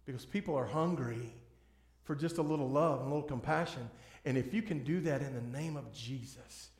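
A man's voice: mid-range voice, brisk, a little mellow. A man preaching a sermon as pastor, earnest and pleading, often restarting his sentences. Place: church sanctuary. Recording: echoey church room.

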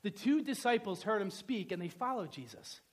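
A pastor from the New York area preaching a sermon in a lively, joking, conversational way, often checking in with "right?". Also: male voice, high voice, normal speed. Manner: animated, conversational, joking, asks the audience "right?".

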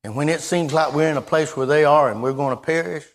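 Folksy preacher man. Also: on the high side. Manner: folksy, halting, repeats himself, rises to sudden loud exclamations. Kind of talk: sermon.

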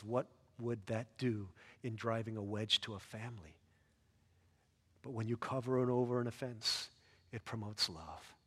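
A man preaching a sermon as a pastor, earnest, rising to loud emphatic peaks and dropping soft and low. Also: husky, long reverb tail.

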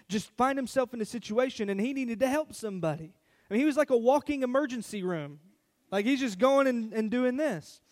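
A man preaching a sermon as a pastor, telling stories in an animated, conversational way. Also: high voice.

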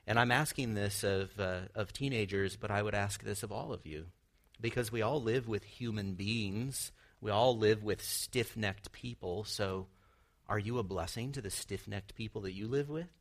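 A man with a fairly low voice delivers a sermon. He teaches earnestly, posing rhetorical questions to his listeners and letting slip the occasional light laugh. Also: normal speed. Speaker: pastor.

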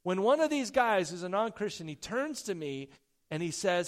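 Male preacher, high voice, animated, loud emphasis then soft asides, stammers when excited. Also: normal speed. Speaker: pastor. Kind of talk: sermon with personal story.

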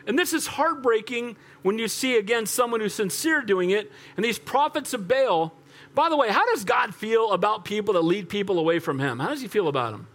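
An older male pastor preaches with a high-pitched voice that swings up and down. His delivery is animated and storytelling, and he punctuates points with calls for an amen. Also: moderate pace. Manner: animated, rhetorical, calls for amens. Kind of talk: sermon.

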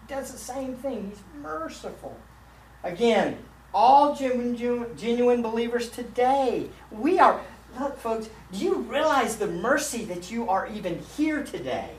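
A man, a pastor, preaching a sermon in a church sanctuary, emphatic and swinging between loud and hushed delivery. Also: high voice, lively intonation, normal speed, slight background noise. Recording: roomy echo, mic at a distance.

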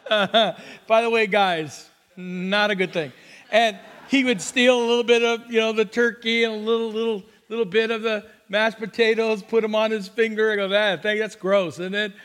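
A pastor preaching a sermon in a conversational storytelling manner, asking the congregation questions. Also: male voice, sits high, fairly bright tone, big-room sound.

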